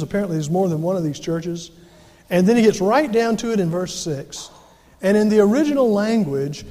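High-voiced preacher in a reverberant hall. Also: male voice, warm tone. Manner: emphatic preaching, acts out quoted voices. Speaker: pastor. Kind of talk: sermon with scripture reading.

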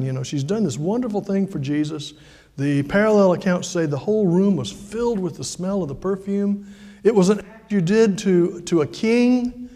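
Conversational preacher with a high voice. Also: male voice, warm tone, long reverb tail. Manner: conversational preaching with frequent fillers and restarts. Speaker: pastor. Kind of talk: sermon.

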